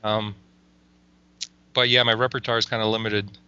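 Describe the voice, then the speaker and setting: A man with a very bright, sharp-edged voice chatting loosely as a guest and laughing often between his filler-heavy sentences. The sound is dull and lo-fi. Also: fairly low pitch, level tone, moderate pace, clean tone, dry recording. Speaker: comedy video maker, guest. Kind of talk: casual interview chat.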